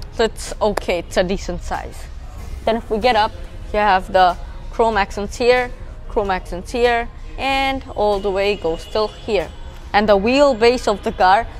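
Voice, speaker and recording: A woman with a Bangladeshi English accent talks through a car review in an easy, explanatory way, pointing at parts as she goes. Her pitch sits in the middle of the range. She is recorded outdoors on a camera mic, with faint music underneath. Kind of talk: casual walkaround car review. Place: outdoors beside a parked car.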